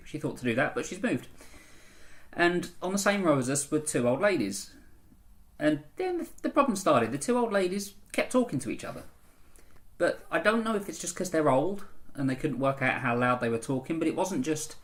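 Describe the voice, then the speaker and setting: A man's voice: on the high side, animated, a little fast. A man in a casual vlog, ranting and reviewing a film in a chatty, rambling way with frequent ums.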